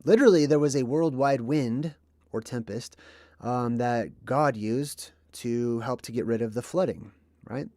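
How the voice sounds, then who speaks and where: A man's voice: medium pitch, measured pace, dark tone. A man talks casually on a livestream in an ordinary mid-range voice, wandering from point to point with plenty of ums and asides. He is recorded close up with a dry, dead sound and no room echo. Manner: rambling and conversational, with frequent ums and asides. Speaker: livestream host.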